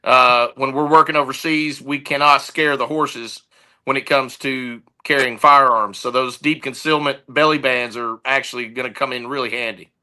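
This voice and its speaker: A man who heads a security firm, telling stories in an easygoing, energetic way during a casual podcast interview. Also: medium pitch, normal speed, low-quality recording.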